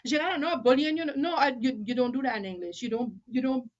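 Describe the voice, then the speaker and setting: A woman's voice: high-pitched, quick pace. Emphatic bilingual woman, lo-fi sound. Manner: animated, switching between English and French mid-sentence; emphatic, opinionated. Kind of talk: casual chat.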